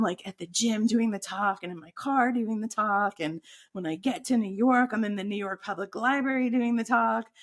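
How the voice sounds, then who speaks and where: Speaking at a middle pitch, a woman guesting on a podcast shares a lively story from her own life. She acts out her thoughts in quoted form as the tale gains momentum.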